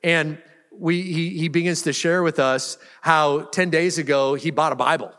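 A man's voice: fairly high pitch, fairly even intonation, moderate pace, a bit bright, in a large hall. A man pastor preaching a sermon in a casual, storytelling way, often restarting his sentences. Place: church sanctuary.

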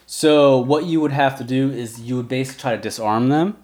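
A man's voice: mid-range voice, brisk, darkish tone. A man running a tabletop game as game master, narrating and explaining rules patiently.

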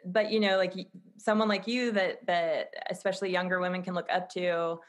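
A woman's voice: lowish voice, little pitch movement, brisk. A woman hosting a casual interview, effusive and rambling, with lots of fillers as she talks to her guest. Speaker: host.

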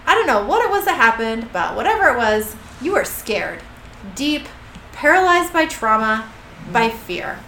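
A woman's voice: a little high, very animated, moderate pace, pushed and bright, a little hiss or hum, full character voice. A woman reading the lines of a smug, cornered male scribe angel, recapping a TV episode. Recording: echoey room with faint ambience.

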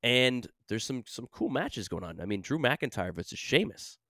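A man's voice: mid-range voice, big pitch swings, moderate pace, bright, forceful tone, no echo, clean studio sound. A man from Canada, co-hosting a podcast in rambling, joking casual chat. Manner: rambling, joking, laughs often. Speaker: podcast co-host.

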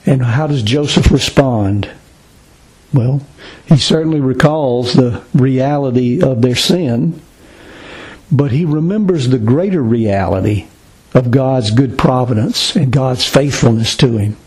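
A man's voice: medium pitch, unhurried, a little mellow, slightly rough, poor audio. A man preaching a sermon, reading scripture aloud and explaining it with emphasis. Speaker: pastor.

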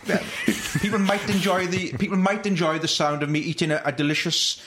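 A man's voice: high voice, a little fast, over music. A man hosting a casual comedy chat, explaining at length with restarts and frequent laughter.

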